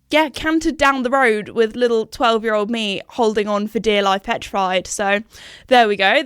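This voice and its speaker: A woman's voice: a little high, a bit bright, clean tone, dry recording, studio quality. A woman in her twenties hosting a podcast, telling rambling stories in casual, chatty talk. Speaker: podcast host. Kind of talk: casual chat.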